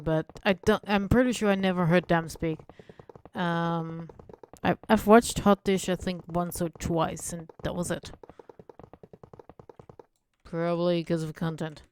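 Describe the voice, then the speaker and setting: A woman's voice: lowish voice, unhurried, smooth. A woman whose first language is not English, live-streaming a Minecraft build and chatting in a rambling way while she plays and mutters to herself.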